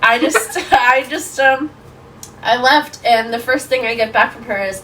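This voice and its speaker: A woman in her twenties, a podcast guest, telling a story in a casual, animated way, full of "like". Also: a little high, a little slow, distant mic, a little hiss or hum, poor audio. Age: 20s. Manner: animated, lots of fillers like "like".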